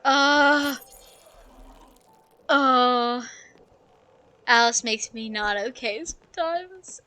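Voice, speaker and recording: A woman streaming a video game live, chatting casually in a soft, emotional way with many fillers. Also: fairly high pitch, very slow. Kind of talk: casual live gameplay commentary.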